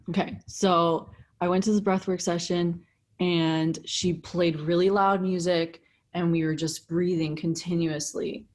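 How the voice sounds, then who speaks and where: A young woman with a lowish voice tells her story in a loose, chatty way. She swears freely and leans on "like" constantly, with lots of energy. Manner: animated, swears freely, heavy use of "like". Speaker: breathwork facilitator, podcast guest. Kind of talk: casual storytelling.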